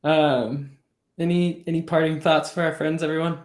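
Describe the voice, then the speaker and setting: A man hosting a casual live chat, easygoing and quick to agree, leaning on fillers. His voice sits in an echoey room. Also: fairly high pitch, little pitch movement. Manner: easygoing, affirming, filler-heavy. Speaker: host.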